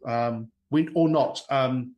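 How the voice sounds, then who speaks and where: A man's voice: medium pitch, measured pace, a little mellow, lo-fi sound, close to an everyday voice. A man voicing a nervous captive male elf who rambles and hesitates. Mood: babbling.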